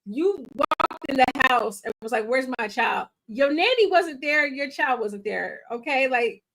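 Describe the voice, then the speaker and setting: A woman hosting a casual movie reaction, talking to her viewers with playful slang and loud exclamations. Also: high-pitched, expressive, unhurried. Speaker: film reaction host.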